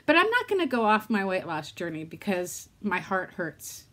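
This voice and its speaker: Near tears, a middle-aged woman opens up to her vlog viewers about a difficult day, rambling as she works through it in casual talk. Her medium-pitched, slightly bright voice swings hugely in pitch at a normal speed.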